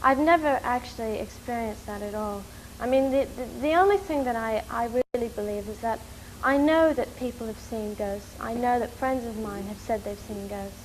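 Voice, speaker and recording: Brief: woman from New York, fairly high voice, excitable casual storyteller, faint hiss in a quiet room. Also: low-quality recording. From New York, USA. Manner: animated, rushing and excitable, with many fillers. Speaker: interviewee.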